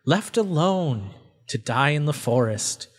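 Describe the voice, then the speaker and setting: A man's voice: on the high side, animated, slow pace. A man voicing a sinister, disembodied female voice that mocks and gloats over others' pain in a tabletop game. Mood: gloating. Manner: taunting, relishing others' pain. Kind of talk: tabletop role-play voice acting.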